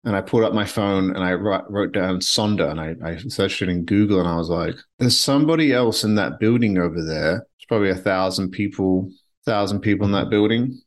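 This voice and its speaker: A man's voice: low-pitched, fairly even intonation, fairly quick. A man from Canada hosting a solo podcast, talking candidly and rambling, swearing now and then. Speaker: podcast host. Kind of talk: solo reflective podcast monologue. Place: his apartment.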